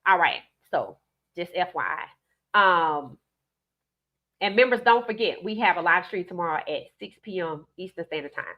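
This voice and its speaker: A woman with a New Orleans accent hosting a live stream, giving emphatic, animated commentary and reading out viewer comments. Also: lowish voice, normal speed, dull audio.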